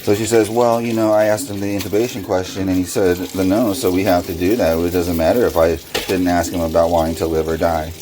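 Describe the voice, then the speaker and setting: A man vlogging while he washes dishes at a kitchen sink, telling an upsetting story in an agitated way and getting louder when he recounts arguments. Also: deep voice, level tone, brisk, few pauses, crowd noise. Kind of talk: casual vlog monologue. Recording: noisy room with running water. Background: running water and dish washing.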